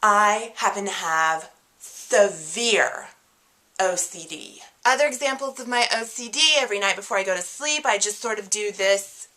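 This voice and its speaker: A woman's voice: mid-range voice, lively intonation, normal speed, bright, forceful tone, roomy sound. A woman playing an indignant young actress who rants in a projecting, over-enunciated, dramatic way. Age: young adult. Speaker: comic video diarist. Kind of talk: scripted comedy character monologue.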